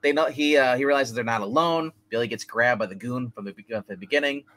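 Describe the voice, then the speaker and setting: A man's voice: medium pitch, fast talker, bright, forceful tone. A man hosting a movie review podcast, rambling through a plot recap with lots of fillers and laughs. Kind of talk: casual chat.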